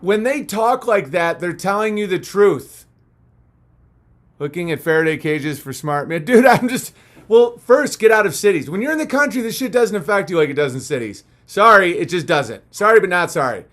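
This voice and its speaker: A man's voice: high voice, big pitch swings, normal speed, a bit bright. A young man hosting a livestream, rambling in a profane, mocking rant. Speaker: livestream host. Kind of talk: ranting livestream monologue.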